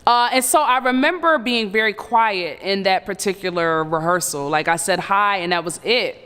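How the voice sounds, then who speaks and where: A woman in her thirties earnestly recounting a painful personal story, halting and full of fillers. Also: medium pitch, sharp tone, smooth, in a large hall. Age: 30s. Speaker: survivor telling her story. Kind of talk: personal testimony.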